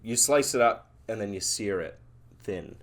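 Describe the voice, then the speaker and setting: A man's voice: fairly low pitch, normal speed. A young man co-hosting a podcast, riffing with crude humor in casual banter and laughing a lot. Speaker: podcast co-host.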